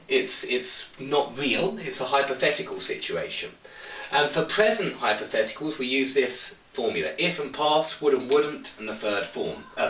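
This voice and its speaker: Lively man teaching in an echoey room. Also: mid-range voice, a little hiss or hum. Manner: explains slowly, stressing example sentences. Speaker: English teacher. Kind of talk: grammar lesson at a whiteboard. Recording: echoey room, mic at a distance.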